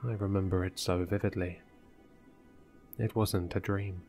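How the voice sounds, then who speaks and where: A man narrating a horror story in a measured, deliberate way. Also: low voice, steady tone, darkish tone, soft background music.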